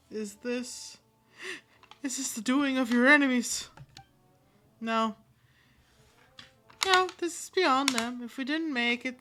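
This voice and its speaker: Bright-voiced woman reading game lines aloud. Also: fairly high pitch. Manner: reads every part aloud, switching voices and accents, sometimes with pirate flourishes. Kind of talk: playful voicing of game dialogue.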